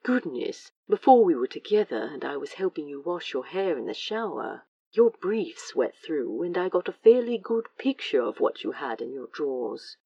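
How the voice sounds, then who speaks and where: A woman voicing a prim, breathy man. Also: deep voice, sing-song, moderate pace, mellow, dry recording, recorded from a distance, highs cut off, exaggerated voice. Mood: fond. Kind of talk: audio drama acting.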